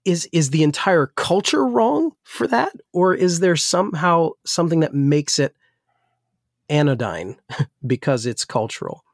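A man's voice: on the high side, big pitch swings, a little slow, no echo, studio quality. A man who grew up in New Jersey and now works as a pastor, talking casually and rambling with many restarts, his voice still a little weak. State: slightly weak voice. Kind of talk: casual discussion.

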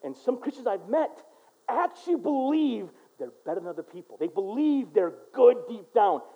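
High-voiced American pastor preaching. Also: male voice, very animated, normal speed, slightly rough. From United States. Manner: earnest, swings from loud and urgent to quiet and low; mimics people in quoted asides. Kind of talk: sermon. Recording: dull lo-fi recording.

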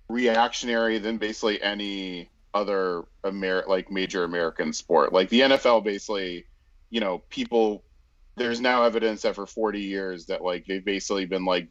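A man's voice: fairly low pitch, fairly bright tone, no room sound, muffled recording. A man in casual sports chat, rambling with many fillers and restarts.

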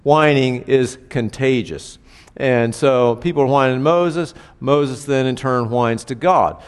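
Male pastor, casual sermon, mid-pitched voice, rhetorical questions, long hall reverb. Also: a little slow, clean tone. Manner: conversational, asks rhetorical questions.

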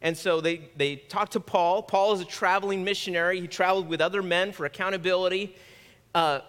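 A man's voice: high voice, steady tone, brisk, a bit bright, smooth. A man pastor delivering a sermon in an earnest, conversational preaching manner. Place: church sanctuary. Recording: long reverb of a church hall.

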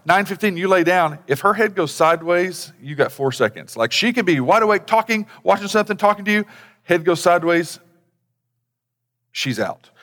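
A man's voice: lively intonation, moderate pace, fairly bright tone. Middle-aged guy preaching, rambly and chatty, lots of ums, long echo tail from the hall. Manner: rambling, conversational, many fillers and restarts; acts out quoted dialogue in a lower voice. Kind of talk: sermon on family devotions.

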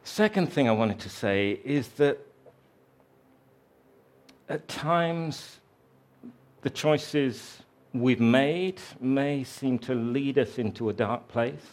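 A man preaching a sermon, telling a story slowly and reflectively, raising his voice for the quoted lines. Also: mid-range voice, darkish tone.

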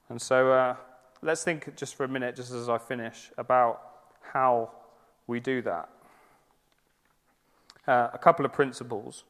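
A man in his thirties delivers a conversational sermon at a mid-range pitch, earnest and lightly humorous. His voice rings out in a large hall and carries a long reverb. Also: fairly even intonation, a little slow, pauses often. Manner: earnest, conversational, with gentle humour. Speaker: preacher.

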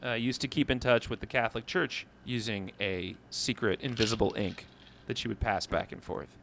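A man's voice: lowish voice, moderate pace, creaky, a little hiss or hum. A man co-hosting a podcast, telling history stories in a casual, joking way with some swearing. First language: English. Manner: animated, jokey storytelling with profanity. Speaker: podcast co-host. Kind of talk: casual comedic chat.

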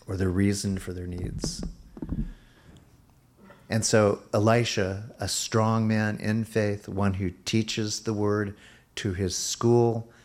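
A male pastor preaching a sermon in an unhurried, emphatic way, his voice sometimes rising suddenly. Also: on the low side, a little mellow.

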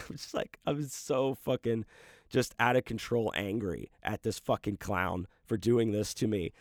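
Low-voiced man telling a rambling story. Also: fairly even intonation, normal speed, no echo, clean studio sound. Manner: profane, rambling, full of fillers. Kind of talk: casual anecdote telling.

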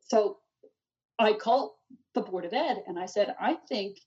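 A middle-aged woman telling her story in an interview, animated and rambling, full of restarts and "you know.". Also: mid-range voice, unhurried, breathy edge. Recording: distant dull lo-fi mic.

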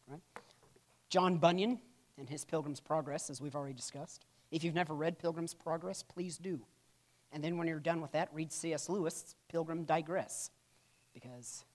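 A church history teacher giving a conversational classroom lecture, with humorous asides and frequent "right?" check-ins. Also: medium pitch.

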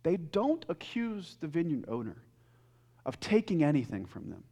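A young adult man preaching a sermon, earnest and emphatic, swinging between loud peaks and soft quiet stretches, with frequent restarts. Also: a little high, big pitch swings, normal speed. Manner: repeats and restarts words. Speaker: pastor.

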